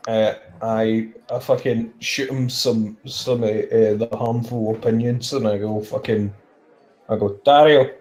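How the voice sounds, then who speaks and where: A man playing a tabletop game, who talks in halting, swearing bursts full of fillers. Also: fairly low pitch, level tone, darkish tone. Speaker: player. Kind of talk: casual tabletop game play.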